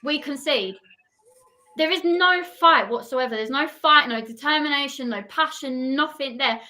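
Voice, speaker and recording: Woman ranting about footy, high bright voice, swears a lot. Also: normal speed. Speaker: football fan pundit. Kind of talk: heated casual chat.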